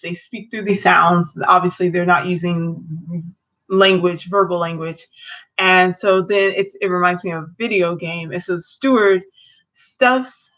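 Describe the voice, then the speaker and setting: A woman's voice: medium pitch, muffled recording. A woman casually recapping a cartoon episode and sharing theories, retelling scenes and voicing the characters' lines as she goes. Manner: animated retelling, acts out dialogue in quotes. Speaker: episode reviewer.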